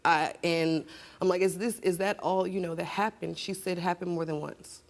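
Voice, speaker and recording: A woman's voice: fairly low pitch, fairly even intonation, moderate pace. A woman guest on a talk show telling an emotional story, her voice rising sharply when she argues. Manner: emotional, rising to shouting in arguments. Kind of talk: emotional confrontational testimony.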